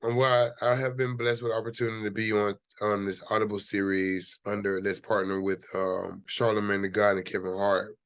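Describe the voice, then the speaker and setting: He's an American actor being interviewed, telling his story in a casual, easygoing way with many fillers. His voice is on the low side yet fairly bright, monotone and fairly quick with few pauses, and there's no echo.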